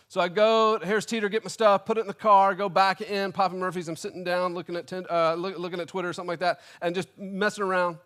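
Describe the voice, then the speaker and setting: A man preaching a sermon, telling a comic personal story with animated, indignant storytelling. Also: sits high, fast talker. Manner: animated storytelling, acting out his own indignation. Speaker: pastor.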